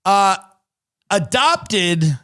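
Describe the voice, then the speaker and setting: A man's voice: high voice, sing-song, extremely slow, a bit bright. A man hosting a comedy podcast, reading news aloud and breaking off for sarcastic jokes. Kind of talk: casual comedic commentary.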